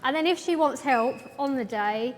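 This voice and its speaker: A woman's voice: high-pitched, animated, normal speed. A woman hairdresser giving a live styling demo, chatty and rambling with lots of fillers, in a large event hall. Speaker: hairdresser educator. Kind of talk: live hair demonstration with chat. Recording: echoey hall with faint background noise.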